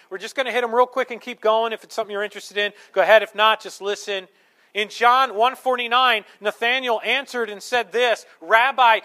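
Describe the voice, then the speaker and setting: Male preacher, higher-pitched, earnest, teaching verse by verse from the pulpit. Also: sharp tone. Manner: earnest, teaching through scripture point by point. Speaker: pastor. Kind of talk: sermon.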